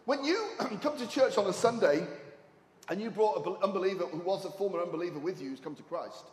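A man preaching a sermon in a church, telling stories quietly and then raising his voice to urge the congregation on. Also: high-pitched, expressive, a little fast. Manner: swings from hushed storytelling to raised exhortation. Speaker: visiting preacher. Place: church hall. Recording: echoey hall, mic at a distance.

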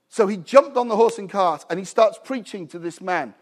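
A man's voice: high voice, lively intonation, a little fast, hardly any pauses. A middle-aged British man preaching a sermon as a visiting preacher, with call-and-response and humorous asides. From United Kingdom.

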